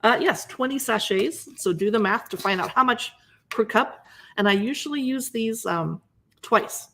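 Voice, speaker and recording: A woman hosting a casual livestream, chatty and animated, showing products and joking about herself. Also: on the high side, normal speed, a little hiss or hum. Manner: chatty, animated, self-deprecating. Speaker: livestream host. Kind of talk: casual product showcase chat.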